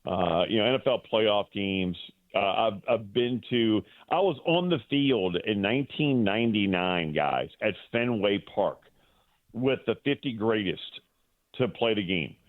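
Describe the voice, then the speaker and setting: A man's voice: fairly low pitch, expressive, measured pace, dry recording. A middle-aged man, a guest sports broadcaster, telling an emotional story in a rambling way, full of fillers and restarts, on a call into a show. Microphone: phone. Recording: dry, tinny phone line.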